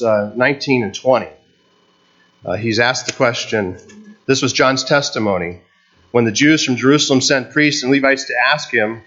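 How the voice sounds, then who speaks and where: A man whose first language is not English preaches a sermon in an earnest, teaching tone, often pausing and restarting his sentences. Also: mid-range voice, fairly bright tone, dull audio. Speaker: pastor.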